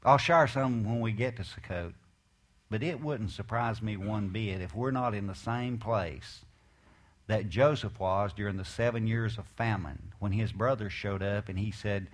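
A man preaching a sermon and reading scripture aloud, earnest and emphatic. He asks rhetorical questions and moves between raised, stressed points and quiet asides. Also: lowish voice, a little slow.

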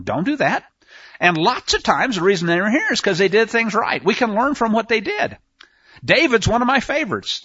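Lively high-voiced man teaching scripture. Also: husky. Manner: rhetorical questions, frequent restarts. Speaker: Bible teacher. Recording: dull lo-fi recording.

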